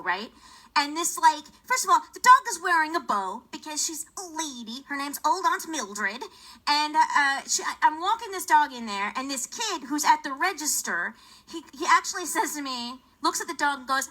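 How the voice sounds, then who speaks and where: A woman performing stand-up on a church stage, chatty and meandering. Her voice sits high and sounds bright and forceful, and she drops into quiet mutters between the bigger lines. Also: expressive, normal speed, poor audio. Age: adult, not young. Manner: chatty, rambling, playful, swings between loud bits and muttered asides. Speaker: stand-up comedian. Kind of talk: stand-up comedy set.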